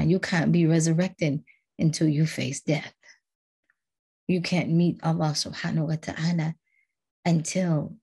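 Woman religious teacher, low husky voice, earnest, repeats phrases for emphasis. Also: fairly even intonation, measured pace, pauses often, dark tone. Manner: earnest, repetitive, builds emphasis by repeating words. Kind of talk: devotional talk.

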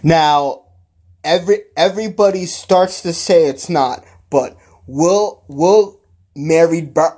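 A man's voice: on the high side, takes it slowly, darkish tone, breathy edge. A man hosting a podcast, chatting casually with a slangy, playful, teasing manner. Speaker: podcast host.

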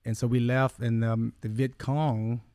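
A man's voice: mid-range voice, level tone, a little slow, warm tone, no room sound, studio quality. A man in his forties, a guest telling a personal story in a conversation, earnest and rambling, often correcting himself as he goes. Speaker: podcast guest.

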